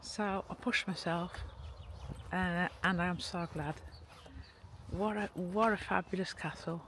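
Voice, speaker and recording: A woman's voice: lowish voice, steady tone, a little slow, fairly bright tone, a little hiss or hum. A woman chatting casually to camera outdoors in a rambling, gushing way, speaking a bit oddly because she is cold. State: cold, shivering speech. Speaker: motorhome vlogger. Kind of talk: casual vlog chat to camera. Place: outdoors at a castle.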